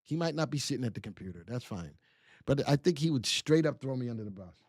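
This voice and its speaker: A middle-aged man hosting a live stock analysis stream, energetic and chatty, coaching and teasing his viewers directly. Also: mid-range voice, fast, slight background noise. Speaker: stock market strategist hosting a live show.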